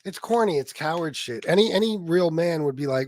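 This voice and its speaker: A man's voice: fairly high pitch, animated, fairly quick, few pauses, darkish tone, no echo, studio quality. A man hosting a casual livestream, telling stories and talking in a blunt, profane way while answering his chat. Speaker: livestream host reading chat.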